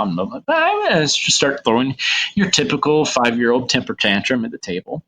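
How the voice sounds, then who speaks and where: Male guest, animated storyteller, bright voice, lively pitch. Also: moderate pace. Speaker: guest, horror actor. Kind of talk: casual storytelling in an interview.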